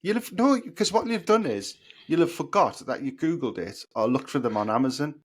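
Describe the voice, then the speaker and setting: Brief: male co-host, animated delivery, teasing banter. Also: on the high side, brisk. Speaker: podcast co-host. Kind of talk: casual chat.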